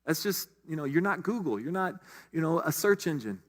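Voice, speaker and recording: A man's voice: a little high, very animated, fairly quick. A middle-aged male pastor giving a conversational sermon, full of casual asides and restarts. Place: church sanctuary. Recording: long hall reverb.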